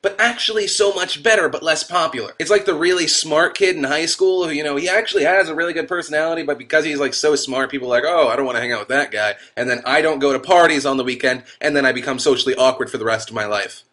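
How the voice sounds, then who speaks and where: Male vlog host, snarky deadpan delivery, bright forward tone, pitched a touch high. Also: fast talker, few pauses. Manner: sarcastic, irreverent, mock voices. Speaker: vlogger. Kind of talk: comedic news vlog.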